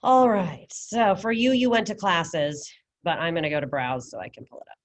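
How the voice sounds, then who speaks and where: Teacher, woman, lowish voice, casual step-by-step coaching over video call. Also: normal speed. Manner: casual, encouraging, talks students through steps. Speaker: Spanish teacher. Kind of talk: online class instruction.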